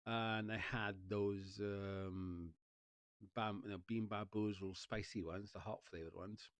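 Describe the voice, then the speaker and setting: A man's voice: lowish voice, fairly even intonation, slow pace, no echo. A man chatting casually to his viewers, rambling, repeating himself and laughing often. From Wales. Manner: rambling, repeats "you know what I mean", laughs often. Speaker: streamer and vlogger.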